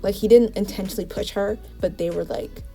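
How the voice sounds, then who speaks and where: A woman gives a casual plot recap in a chatty, conversational way and fills it with "like" asides. Her voice is mellow and dark with a gravelly fry, and her pitch sits in the middle range. Faint music plays behind her. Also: fairly quick. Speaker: TV show reviewer.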